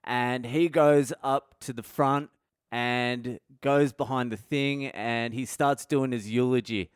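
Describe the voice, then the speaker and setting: Profane storytelling man, smooth voice. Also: mid-range voice, fairly even intonation, slow pace, dry recording, clean studio sound. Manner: profane, candid, laughs at his own story. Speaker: podcast host. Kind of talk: casual storytelling monologue.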